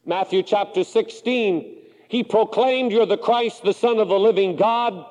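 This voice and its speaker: A man from the Pacific Northwest preaching a sermon, with a high, lively voice that swings dramatically, recorded in a church sanctuary with long reverb. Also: a little slow.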